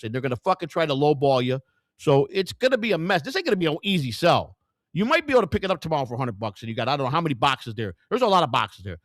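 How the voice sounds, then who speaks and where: Guy rambling and cussing on his live stream, kinda high voice, dry close mic. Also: no room sound. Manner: rambling, profane, thinking out loud to chat. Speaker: livestream host. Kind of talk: casual live-stream commentary.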